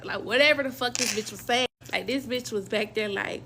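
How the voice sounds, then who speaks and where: A woman's voice: mid-range voice, a little fast, a bit bright, slight background noise. A young woman casually telling a personal story in slang, acting out quoted dialogue as she goes. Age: young adult.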